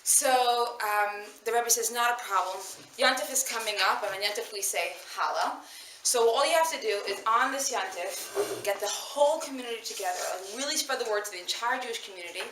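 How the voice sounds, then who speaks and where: A woman from New York with a New York accent, telling a story in a chatty, animated way during an informal Torah class. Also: on the high side, fairly quick. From New York, USA. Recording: echoey room, distant mic, faint noise.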